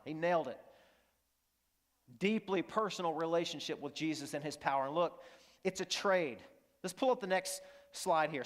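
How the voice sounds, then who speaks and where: A man's voice: high voice, fairly bright tone. A male pastor preaching a sermon in a school auditorium, earnest and emphatic, repeating lines and asking the audience questions. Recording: long hall reverb from the auditorium.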